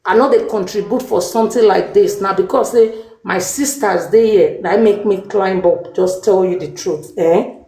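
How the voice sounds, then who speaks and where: A woman's voice: mid-range voice, moderate pace, warm tone, reverberant, poor audio. A woman with a Nigerian Pidgin accent giving earnest, pleading, sisterly advice as a guest on a live stream. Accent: Nigerian Pidgin English.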